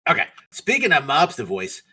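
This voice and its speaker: A man's voice: a little high, huge pitch swings, a little fast, pushed and bright, breathy edge, low-quality recording. A man acting as game master, chatting casually and rambling a bit with fillers as he wraps up a tabletop game stream.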